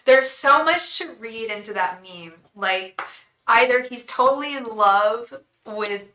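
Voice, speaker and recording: A woman's voice: a little high, slow, sharp tone, poor audio. A woman tarot reader talking casually on a live stream. She rambles, chats with viewers by name, uses slang like "girl" and "hun", and murmurs a repeated invocation while she shuffles the cards. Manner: rambling, chatty, talks straight to viewers by name. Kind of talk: casual live-stream chat and card reading.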